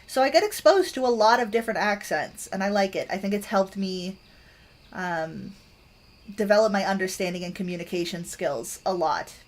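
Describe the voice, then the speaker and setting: A woman's voice: mid-range voice, expressive, moderate pace. A young woman talks casually to her stream audience. She is chatty and rambling, circling back with restarts, fillers and easy laughs. The delivery is loose and conversational, like a streamer filling time between topics. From Canada.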